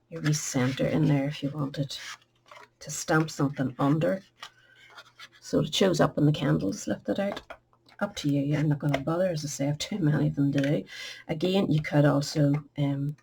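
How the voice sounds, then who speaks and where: A woman's voice: low voice, gravelly, darkish tone, slight background noise. A woman hosting a craft tutorial, giving chatty step-by-step instructions and sometimes dropping to a murmur.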